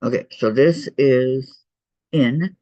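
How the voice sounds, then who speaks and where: A man's voice: mid-range voice, slow, dry recording, highs cut off. A man hosting a quilting shop's online meeting. He talks casually through a crafting demonstration, muttering to himself as he works and reading out viewer messages.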